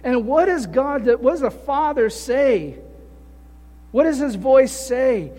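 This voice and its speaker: A male preacher with a very high voice leads a sermon, telling the story with animation and asking his listeners one rhetorical question after another. The sound rings out with a long echo, as in a big hall. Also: lively intonation, slow, mellow. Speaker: pastor.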